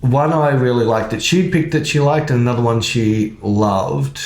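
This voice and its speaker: A man's voice: medium pitch, normal speed, hardly any pauses. Chatty man in an echoey room. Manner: chatty, animated, acts out quoted lines. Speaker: photographer and podcast co-host. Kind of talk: casual chat.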